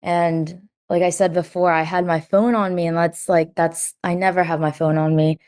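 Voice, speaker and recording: A young woman telling her own story as an interview guest, filling her talk with "like" and acting out quotes in lively bursts. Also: on the low side, moderate pace. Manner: says "like" constantly, quotes herself and others in lively bursts.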